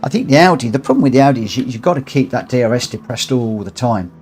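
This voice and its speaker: A man's voice: medium pitch, expressive, quick pace, darkish tone, faint music behind. Chatty man streaming races. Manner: chatty, friendly, reads results aloud. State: out of breath. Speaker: streamer hosting online races. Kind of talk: casual live-stream commentary. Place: home room.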